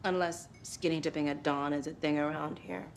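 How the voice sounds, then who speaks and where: Brief: sarcastic writer woman, gravelly and fry-edged, defensive. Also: low-pitched, fairly even intonation, normal speed, a little hiss or hum. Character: wry, pushy female true-crime writer. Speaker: true crime writer, witness. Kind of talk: video game voice acting.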